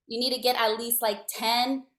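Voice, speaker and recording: Energetic woman coaching in an echoey room. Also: fairly high pitch, moderate pace. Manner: energetic, slangy, coaching tone with frequent "right?". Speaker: network marketing trainer. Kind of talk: motivational talk.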